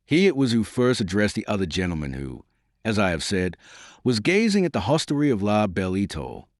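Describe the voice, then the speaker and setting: Male audiobook narrator, measured and descriptive, lowish pitch, dry studio sound. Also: very animated, no room sound.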